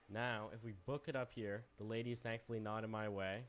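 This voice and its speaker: A man's voice: fairly low pitch, little pitch movement, brisk, few pauses. A young man streaming a game, commenting in a playful, teasing, mischievous way as he plays. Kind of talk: casual gameplay commentary.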